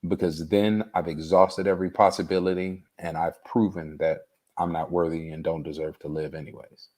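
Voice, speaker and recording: A man as an interview guest, telling a personal story in an earnest, unhurried way. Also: sits low, little pitch movement, dark tone.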